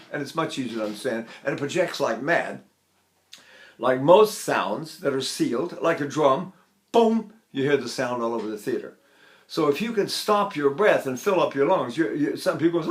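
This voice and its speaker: Speaking at normal speed with a medium-pitched voice, an older man teaches vocal technique in a lecture. He's lively and hands-on in his delivery, stopping now and then to sing a demonstration.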